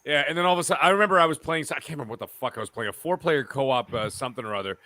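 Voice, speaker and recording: A man co-hosting a casual gaming podcast, telling stories in an animated, profane way. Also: mid-range voice, very fast, no room sound. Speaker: podcast co-host.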